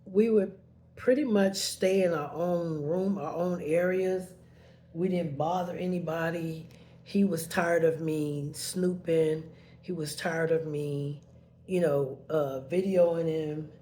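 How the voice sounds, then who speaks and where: A woman's voice: low voice, fairly even intonation, slow pace, warm tone, slight background noise. A woman telling a painful personal story in a rambling way, heated at first and then subdued, sometimes tearful.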